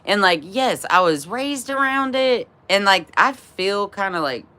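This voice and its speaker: A woman's voice: mid-range voice, animated, measured pace, sharp tone. A woman in her thirties telling a personal story to a live chat, swearing freely, laughing, and using lots of fillers. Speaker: livestream host.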